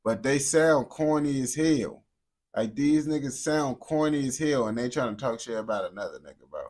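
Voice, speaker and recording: A man's voice: medium pitch, animated, moderate pace, a little mellow. A man streaming and reacting to clips in casual, profane, slangy commentary. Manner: blunt, profane, slangy banter.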